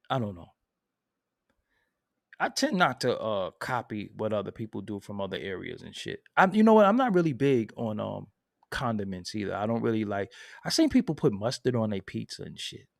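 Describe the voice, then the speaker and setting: A man hosting a casual live stream, answering chat in a loud, laughing, profane way that swings from mumbling to shouting. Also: medium pitch, dry recording, studio quality. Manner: reads and answers viewer chat. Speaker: host.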